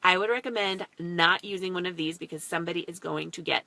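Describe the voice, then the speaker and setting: A woman's voice: fairly low pitch, fast talker, creaky, pushed and bright, no room sound. A woman in her thirties, a mom hosting a casual live stream, chatting in a rambling way with lots of fillers and casual swearing.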